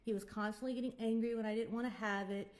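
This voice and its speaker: A woman's voice: a little high, fairly even intonation, quick pace, a little mellow. A woman in her twenties telling her own story frankly and giving blunt advice, rambling at times. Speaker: vlogger. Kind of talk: candid personal storytelling with advice.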